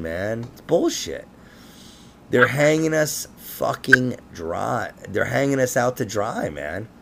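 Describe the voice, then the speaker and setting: A man's voice: medium pitch, creaky, a bit bright, slight background noise. A man hosting a casual conspiracy podcast, rambling and laughing, with frequent swearing. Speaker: podcast host.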